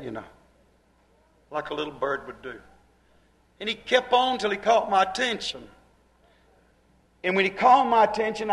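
A man preaching a dramatic sermon, swinging from hushed asides to loud, repeated rhetorical questions. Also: high voice.

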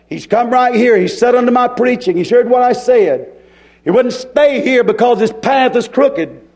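Folksy and full of passion, this preacher's high, ringing voice carries a fiery sermon. He builds up to hollering, then falls back low and quiet.

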